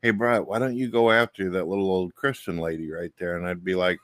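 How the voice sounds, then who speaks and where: A man's voice: low voice, steady tone, a little fast, fairly bright tone, no room sound. A middle-aged man talking casually and bluntly, swearing freely as a show host. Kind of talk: casual conversation.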